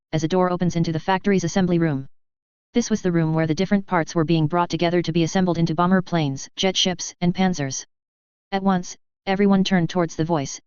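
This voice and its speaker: A woman reading a fan fiction story aloud in a steady, even storytelling manner. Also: fairly low pitch, smooth, no echo. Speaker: audiobook reader. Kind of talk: fan fiction audiobook narration. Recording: dry, slightly dull home recording.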